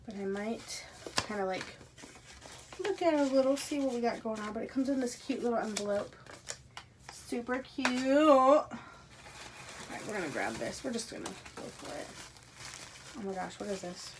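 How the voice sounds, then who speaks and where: A woman unboxing a subscription box at home, gushing and excitable, dropping into hushed whispers between bursts of delight. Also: on the high side, moderate pace, pauses often, background noise. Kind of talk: casual unboxing vlog.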